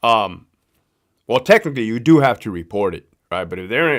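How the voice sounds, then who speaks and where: A former prison guard from Southern California hosts a casual live stream, answering viewers' questions with slang, profanity, and loose storytelling in his local accent. His voice is fairly low, with big pitch swings and a moderate pace.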